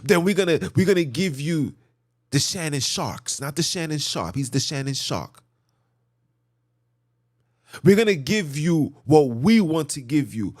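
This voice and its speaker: A man delivers fired-up political commentary with a fairly high voice that swings widely in pitch. He preaches, repeats his points for effect and slips into mocking asides. The sound is close and dry. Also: no echo. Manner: preachy, repetitive, rhetorical. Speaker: channel host.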